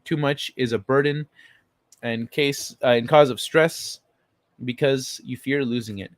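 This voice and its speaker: A man in his own casual livestream voice, neither high nor low, riffing on chat messages with blunt, profane remarks. The sound is close and dry, with no room echo. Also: steady tone, unhurried. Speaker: livestream host reading chat.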